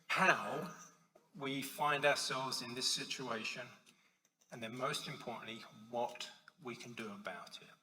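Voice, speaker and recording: A man speaking as a conference speaker, telling stories to an audience and swinging between loud stressed lines and soft quiet ones. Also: mid-range voice, steady tone, a little slow, low-quality recording. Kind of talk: public talk to an audience.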